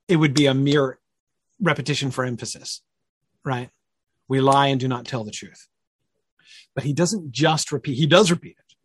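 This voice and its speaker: A man's voice: fairly high pitch, husky, dry recording, clean studio sound. A man leading a conversational Bible study, thinking aloud with many fillers and checking questions.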